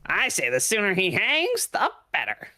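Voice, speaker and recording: A man voices a chatty, snide male guard character for a game, using an exaggerated voice pitched above his own. It's high and bright with huge pitch swings, a forceful tone, and normal speed.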